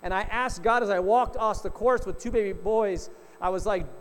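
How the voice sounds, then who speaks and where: Middle-aged male pastor, high voice, chatty storytelling sermon, echoing hall, faint hum. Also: moderate pace. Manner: storytelling, conversational with frequent "right?" asides.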